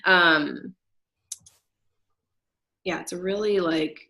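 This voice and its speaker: A woman's voice: lowish voice, very slow, creaky, sharp tone. A woman co-hosting a podcast, chatting casually and rambling with many fillers. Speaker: podcast co-host. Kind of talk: casual chat about knitting.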